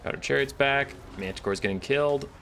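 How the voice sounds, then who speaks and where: Over some background noise, a man streams a strategy game and narrates his moves in a casual, live way. His medium-pitched voice moves a little fast and has vocal fry. He stays playful, pokes fun at himself, and tosses in mock-scolding remarks.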